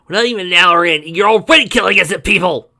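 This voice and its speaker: A man voicing a brash, tough tomboy barbarian girl in a storybook reading, talking loud, bossy and sarcastic. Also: fairly high pitch, very animated, brisk, pitched above the performer's own voice.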